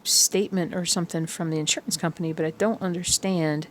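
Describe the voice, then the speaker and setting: A woman chatting casually while she stitches, rambling through everyday stories and sometimes humming or singing softly along to music. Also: fairly low pitch, fairly even intonation, a little fast, a little hiss or hum. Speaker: cross-stitch vlogger.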